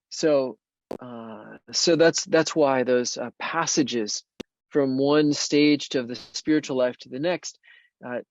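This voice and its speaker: Monk priest teaching in a dry, dull recording. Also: male voice, mid-range voice, no echo. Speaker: Benedictine monk and priest teaching on spiritual life. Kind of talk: conversational spiritual teaching. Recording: dull, slightly lo-fi dry sound.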